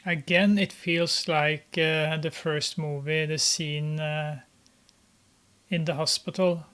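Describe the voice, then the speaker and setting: A film commentator giving casual running commentary while watching a movie, talking hesitantly with many filler pauses. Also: medium pitch, steady tone, a bit bright.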